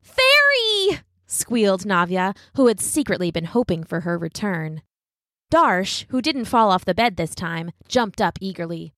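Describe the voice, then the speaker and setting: A woman narrating a children's storybook in an expressive, animated way. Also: fairly low pitch, normal speed, dry recording, studio quality.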